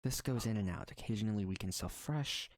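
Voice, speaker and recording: A man's voice: lowish voice, brisk, dry recording, voice pushed down, close to an everyday voice. A man voicing a chatty male shopkeeper in a tabletop game, with rambling bureaucratic patter.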